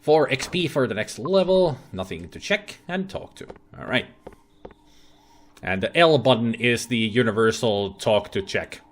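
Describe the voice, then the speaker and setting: A man's voice: medium pitch, expressive, unhurried. A man hosting a let's play, joking around and reading game text aloud in a playful way. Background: game music.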